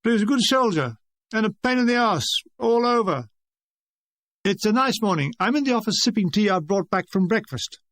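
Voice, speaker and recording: An older man reads his own memoir in a high, lively voice, tossing off jokes with a wry, deadpan touch. The sound is dry and close, with no room around it. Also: fairly quick, dry recording. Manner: wry, deadpan comic delivery. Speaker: author reading his memoir. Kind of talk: audiobook narration.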